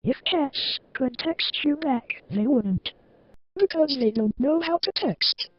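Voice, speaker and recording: Synthetic woman as a slow, high sign announcer. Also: expressive, no room sound, lo-fi sound. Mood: droll. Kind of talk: text-to-speech sign reading.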